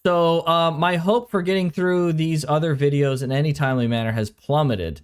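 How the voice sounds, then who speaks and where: A man's voice: fairly high pitch, steady tone, normal speed, smooth. A man co-hosting an anime reaction stream, talking loosely and casually, with easy swearing and rambling sentences. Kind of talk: casual chat. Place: home recording room.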